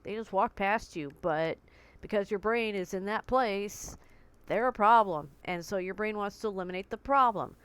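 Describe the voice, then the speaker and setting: A woman with a medium-pitched, fairly bright voice that's clear and resonant speaks at a moderate pace. She's vlogging from her bedroom on a tablet, chatting candidly to camera and using vivid comparisons.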